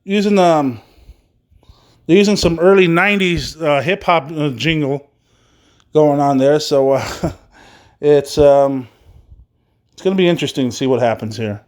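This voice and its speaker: A man's voice: a little high, measured pace, long pauses, darkish tone. Rambling man hosting a wrestling podcast. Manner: rambling, repetitive, with frequent fillers and casual swearing. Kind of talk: casual solo podcast news rundown.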